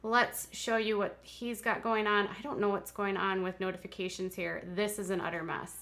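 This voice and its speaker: A woman's voice: medium pitch, level tone, normal speed, fairly bright tone. A woman hosting a live-streamed commentary show, talking in a chatty way with exasperated asides. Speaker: commentary channel host.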